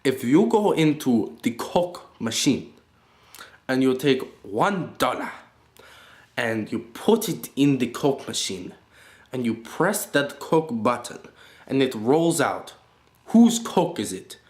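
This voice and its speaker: A man voicing a husband who calmly argues his case in court. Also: medium pitch, slow pace, roomy sound. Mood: sly. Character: calm, sly husband arguing in court.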